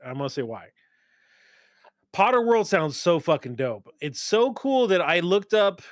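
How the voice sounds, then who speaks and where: A man's voice: a little high, no echo, clean studio sound. A young adult man hosting a casual movie chat, telling stories with a lot of swearing and laughter. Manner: animated, swearing, laughing storyteller. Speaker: podcast host.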